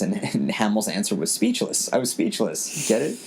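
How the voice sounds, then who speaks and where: A man's voice: on the low side, expressive, a little fast, hardly any pauses, darkish tone, slight background noise. A man hosting a podcast, telling a personal story in an earnest, emotional way and often repeating his words. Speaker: podcast host. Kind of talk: casual storytelling chat.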